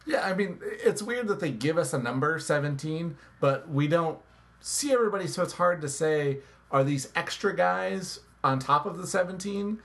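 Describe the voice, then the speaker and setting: A man co-hosting a casual movie review chat, talking in halting bursts with many restarts and frequent laughs. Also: fairly high pitch, expressive, gravelly, fairly bright tone. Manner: halting, full of fillers and restarts, laughs often. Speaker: podcast co-host.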